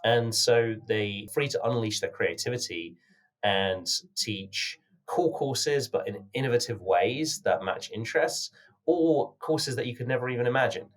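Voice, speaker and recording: A man with a British accent, from the United Kingdom, talking as a podcast guest in an earnest, measured way with many filler words. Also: medium pitch, animated. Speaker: podcast guest, company founder. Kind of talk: conversational interview answers.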